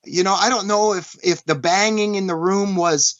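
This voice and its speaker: A man from Canada, recounting a personal story as an interview guest in an earnest, halting way, often restarting and saying "you know". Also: high voice, fairly even intonation, no room sound. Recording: dull, dry lo-fi recording.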